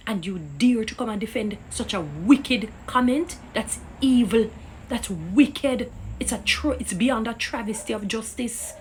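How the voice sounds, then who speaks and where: Speaking at medium pitch over a faint hiss or hum, a Jamaican-accented woman commentator rants with passion and indignation, quoting scripture as she preaches her opinion.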